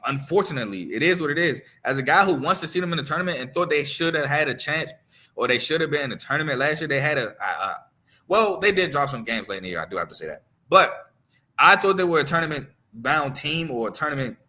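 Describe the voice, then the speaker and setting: Bright-voiced man casually talking sports. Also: on the high side. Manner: loose, conversational, repeats himself and drops in "man"; gives picks and opinions in a confident, offhand way. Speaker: sports talk show host. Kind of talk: casual sports talk commentary.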